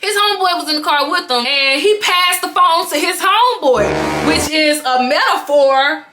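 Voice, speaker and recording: A young woman vlogger telling a story in an animated, profane, laughing way. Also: high-pitched, moderate pace, over music. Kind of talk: casual storytime.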